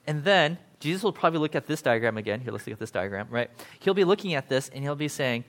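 A pastor delivers a casual, conversational sermon, paraphrasing scripture in lively everyday language and tossing in frequent "right?" asides. His medium-pitched voice moves quickly with hardly any pauses.

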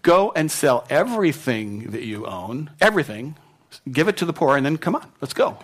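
A man preacher voicing Jesus as a relaxed, easygoing man speaking offhandedly. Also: on the high side, moderate pace. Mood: breezy. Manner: breezy, offhand, pleading when calling back.

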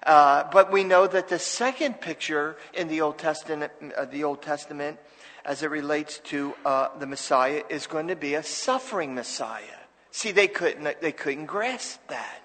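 A man's voice: a little high, moderate pace, fairly bright tone, long reverb tail, low-quality recording. A man preaching a sermon as pastor, earnest and conversational, with restarts and asides to the congregation.

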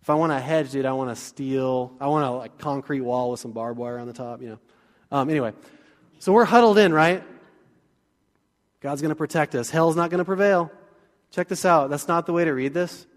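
A man preaching a sermon as pastor, casual and joking, rising to energetic bursts. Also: medium pitch, a little fast. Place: church sanctuary. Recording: long church reverb.

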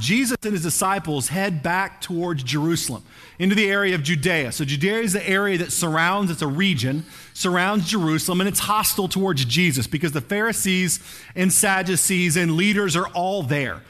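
Animated pastor preaching, high man's voice. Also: brisk. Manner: conversational, animated, asks "right?" often. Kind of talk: sermon.

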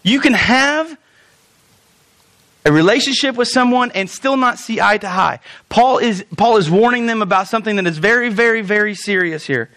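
A male pastor with a high voice preaches with lively humor. He breaks into dramatic, drawn-out pleading when he acts out quotes, then snaps back to quick asides to the congregation. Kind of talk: sermon.

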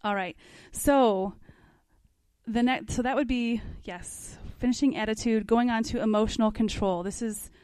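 A woman's voice: fairly high pitch, fairly even intonation, normal speed, darkish tone, clean tone, dry recording. A woman teaching a parenting class, reading passages aloud from a book and adding casual comments with questions to her listeners. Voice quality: conversational, asks the class questions.

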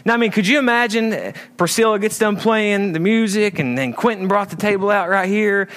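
A male pastor preaching a sermon in a church, swinging between raised emphatic lines and low, quiet asides. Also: fairly quick.

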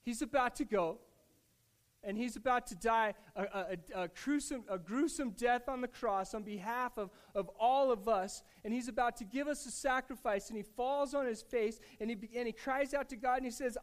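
A male pastor with a notably high voice delivers a heartfelt sermon. He talks in a conversational way, restarting phrases and dropping casual asides. His delivery dips to a near hush and then rises to emphatic, louder stretches. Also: normal speed. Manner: earnest, with swings between hushed and emphatic delivery.

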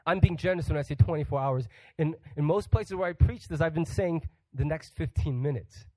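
A man's voice: fairly high pitch, brisk, warm tone, no room sound, rough recording. A man preaching a sermon as a guest pastor, joking with the congregation and putting questions to them. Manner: humorous, acts out quoted voices; asks the audience questions.

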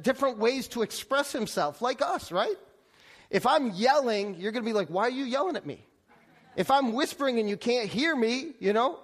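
A man preaching a conversational sermon, often restarting and asking the audience rhetorical questions. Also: high-pitched. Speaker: pastor.

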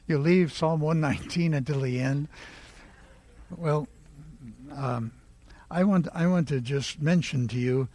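Man, preacher, sermon, call-and-response, slow, lively pitch. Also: dry recording. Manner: animated, leads the congregation in call-and-response.

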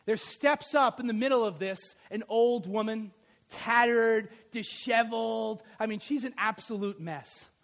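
A man preaching a sermon as pastor, swinging from loud emphatic lines to quiet conversational asides with fillers and self-corrections. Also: sits high, measured pace, gravelly.

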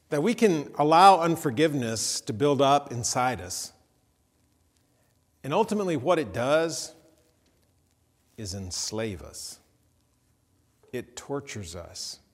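A male pastor delivering a sermon, telling a story with lively emphasis. His voice sits in a medium pitch range. The sound carries the long reverb of a large church hall. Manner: vivid storytelling, rising to animated emphasis.

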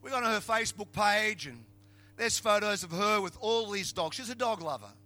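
A middle-aged Australian man preaching a humorous sermon as a pastor, telling jokey stories in an animated way and building to emphatic shouts. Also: high-pitched, moderate pace, soft background music.

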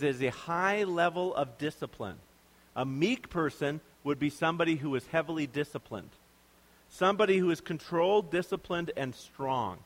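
A man's voice: a little high, a bit bright, in a large hall, low-quality recording. A man preaching a sermon in a conversational, joking way. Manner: conversational, joking, puts on voices to make points.

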